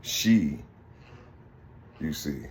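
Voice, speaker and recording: A man's voice: a bass voice, very animated, very slow, a little mellow. A man giving a rambling spiritual monologue, repeating himself often. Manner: rambling, repeats "you see" constantly.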